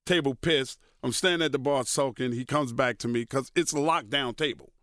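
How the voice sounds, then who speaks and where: A man's voice: mid-range voice, moderate pace, no room sound, studio quality. Profane New man telling a story. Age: 50s. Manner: profane, animated storyteller who voices others in quotes. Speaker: radio personality and guest. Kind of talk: storytelling in a casual interview.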